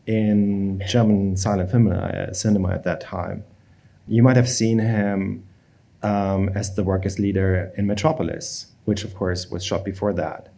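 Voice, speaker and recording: A man, a film museum curator, speaking on a live panel in a measured, hesitant way with many fillers. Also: lowish voice, vocal fry, mellow.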